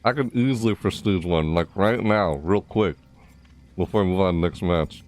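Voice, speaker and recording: A man's voice: sits low, normal speed, a little mellow. A man giving chatty, casual commentary while playing a video game, reacting aloud and talking to himself. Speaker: gaming YouTuber.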